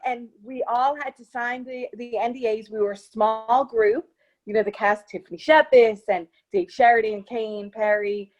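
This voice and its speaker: Bubbly, gushing actress. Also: female voice, on the high side, lo-fi sound. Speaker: actress guest. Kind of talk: casual interview chat.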